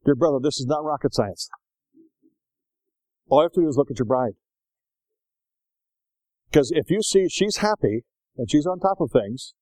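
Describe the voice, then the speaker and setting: An older man preaching a sermon in a folksy, animated storytelling way, slipping into voices as he tells stories. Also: a little high, normal speed, long pauses, no room sound, poor audio.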